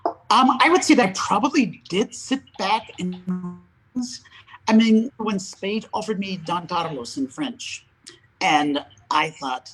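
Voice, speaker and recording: An older man, a guest opera singer, chatting in an interview and telling lively stories in which he acts out the lines of other people and laughs often. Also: high-pitched, slow, soft background music, poor audio. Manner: animated storyteller, acts out quoted dialogue, laughs often. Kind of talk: casual interview chat.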